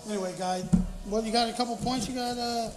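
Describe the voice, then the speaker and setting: A man's voice: extremely high pitch, steady tone, fast talker, faint music behind. A man co-hosting a casual podcast, joking around in crude banter. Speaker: podcast co-host. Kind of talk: casual chat.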